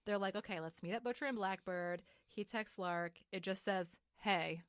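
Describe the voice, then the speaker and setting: A woman's voice: mid-range voice, moderate pace, clear, resonant tone, no room sound, clean studio sound. A woman co-hosting a podcast, retelling a book in casual chat with lots of "like" and frequent swearing. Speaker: podcast co-host.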